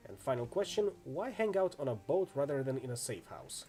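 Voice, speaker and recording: A man reading a game's narration and dialogue aloud, with a soft, low narration and a playful edge. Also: sing-song, fairly quick, hardly any pauses, soft background music. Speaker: game reader.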